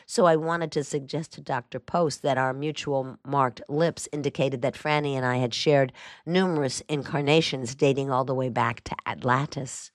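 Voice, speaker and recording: A woman reading a first-person memoir aloud as a narrator, in a dry, even storytelling manner. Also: very deep voice, no room sound. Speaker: audiobook narrator.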